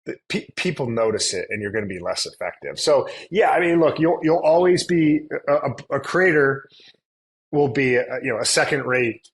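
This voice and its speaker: A man speaking as a podcast guest in an easygoing, rambling way, circling back on himself with fillers and restarts. His voice sits in a middle pitch. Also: animated, moderate pace, rough recording. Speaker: guest, influencer marketing agency CEO. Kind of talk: casual conversational interview.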